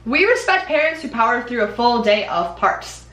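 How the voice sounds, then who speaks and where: A young woman chats to the camera with a bright, clear voice, sitting a little high in pitch. She talks in a lively, rambling way, full of ums and likes. The room around her gives off a noticeable echo. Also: moderate pace. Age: young adult. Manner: chatty, animated, with frequent ums and likes. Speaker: Disney College Program vlogger. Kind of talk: casual chat.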